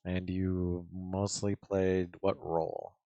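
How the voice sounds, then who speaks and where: Deep gravelly male interviewer. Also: flat delivery, takes it slowly, dark tone, no room sound, highs cut off, soft background music. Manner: brief encouraging interjections. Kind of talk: casual chat.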